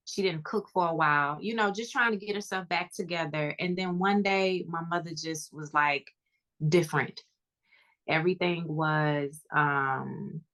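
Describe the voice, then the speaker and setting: Woman, podcast guest, slightly low voice, earnest, measured. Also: fairly bright tone. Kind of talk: reflective podcast conversation.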